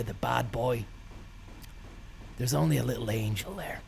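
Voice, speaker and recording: Irish man, young, gravelly voice, swearing deadpan storyteller, faint background hum. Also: mid-range voice, moderate pace, pauses often. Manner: profane, rambling, deadpan. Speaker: comic storyteller. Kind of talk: absurd comic monologue.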